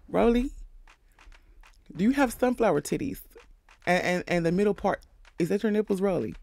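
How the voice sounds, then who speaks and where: A man's voice: high voice, creaky, darkish tone. A man casually recapping a reality show, bluntly and with jokes, acting out the cast members' lines. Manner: blunt, profane, joking asides.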